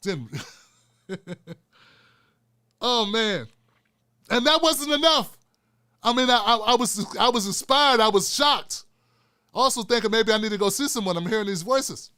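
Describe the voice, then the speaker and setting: A male host giving an animated, profane political commentary rant. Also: sits high, measured pace, pauses often, clear, resonant tone, no echo, studio quality.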